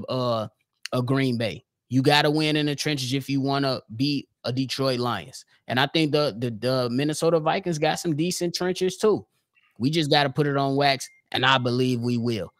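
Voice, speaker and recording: A man's voice: medium pitch, a bit bright, no echo, studio quality. A man co-hosting a podcast in a hyped, slangy, casual way. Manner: hyped, slangy, sign-off energy. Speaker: podcast co-host.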